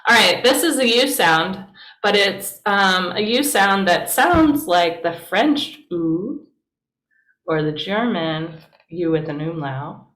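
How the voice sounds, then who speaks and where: Woman pastor leading a class, unhurried and chatty, encouraging tone, roomy church hall sound. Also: mid-range voice, animated, fairly bright tone. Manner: chatty and encouraging, with many fillers. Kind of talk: casual classroom teaching. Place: church meeting room. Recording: roomy echo.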